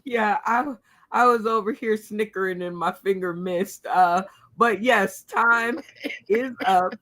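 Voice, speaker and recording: A woman's voice: medium pitch, a bit bright. A woman hosting a comedy game show, speaking with many fillers and light giggles. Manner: slow, giggly, filler-heavy.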